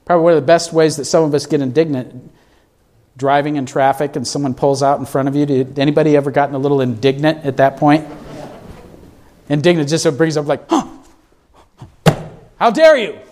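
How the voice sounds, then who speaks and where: A man's voice: fairly high pitch, a little fast. A man preaching a sermon as pastor in a church, asking the congregation questions as he goes. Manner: asks the congregation questions, animated.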